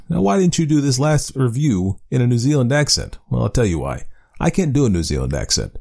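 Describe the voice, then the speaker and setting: A man hosting a short-story podcast, talking through his intro in a chatty, animated way. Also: mid-range voice, gravelly. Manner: lively, animated delivery. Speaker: podcast host. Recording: faint music behind.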